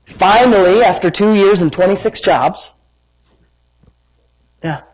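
Pastor guy giving a sermon, pretty high voice, gets loud and dramatic reading scripture, rambles a bit. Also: slow pace, husky, poor audio. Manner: animated, dramatic scripture reading with rising emphasis; rambling asides and self-corrections.

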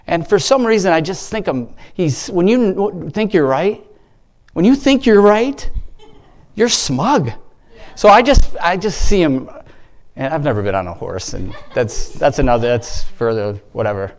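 Man, slightly high voice, informal church devotional, rambling and exclamatory, often breaking off. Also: animated, a little slow. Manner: rambling, self-interrupting, exclamatory. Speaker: lay church speaker.

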